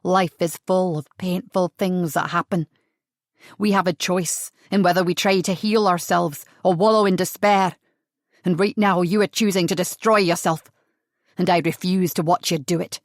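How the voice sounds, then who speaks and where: Steady, patient, pious widower, lower voice, read by a woman. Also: normal speed, vocal fry, dry recording, studio quality. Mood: calm. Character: calm, reasonable, pious widowed man.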